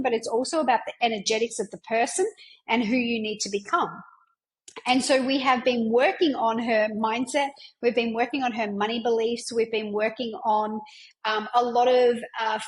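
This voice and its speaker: A woman in her thirties talks through a podcast monologue with a slightly high voice. She sounds enthusiastic and chatty, and she keeps tossing in "right?" as she mentors her listeners. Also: poor audio. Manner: enthusiastic, chatty, frequent tag questions. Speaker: podcast host and business mentor. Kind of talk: casual monologue.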